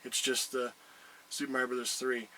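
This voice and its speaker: A man's voice: medium pitch, little pitch movement, normal speed, sharp tone, slight background noise, rough recording. A man casually showing a collectible item, rambling with many hesitations. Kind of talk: casual chat.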